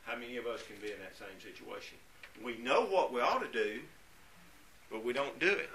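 A man teaching a Bible study class, earnest and conversational, growing louder when he reads scripture aloud. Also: on the high side, poor audio. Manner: earnest, rises in volume when reading scripture.

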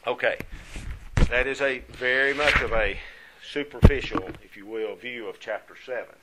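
A man of middle pitch leads a Bible study class. He talks in an earnest, conversational way and leans harder into the verses he reads aloud. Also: normal speed, heavy background noise. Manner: earnest, rises in volume when reading scripture.

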